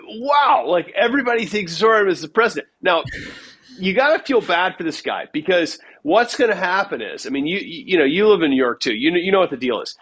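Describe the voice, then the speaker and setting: Rambling, animated man talking markets. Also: fairly high pitch, a little fast, breathy edge. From United States. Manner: rambling, animated storyteller, heavy filler words. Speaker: guest investor. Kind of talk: casual interview talk.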